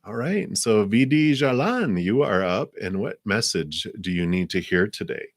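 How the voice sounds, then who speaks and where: A man hosting a live card reading stream, reading messages in a gentle, slow, reflective way. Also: lowish voice, expressive, dry recording, studio quality. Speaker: card reader.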